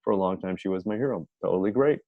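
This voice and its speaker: A man's voice: deep voice, fast talker, no echo. A man teaching a grammar lesson in a chatty way. He often corrects himself and reads his example sentences aloud. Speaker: writing teacher. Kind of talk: informal grammar lecture. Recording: dull dry lo-fi sound.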